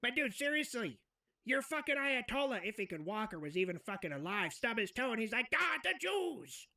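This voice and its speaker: A man with a high, sharp, bright voice trades crude jokes in a satirical comedy role-play. He sounds set back from the microphone. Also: lively intonation, fairly quick, distant mic. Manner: crude, joking, laughing through lines.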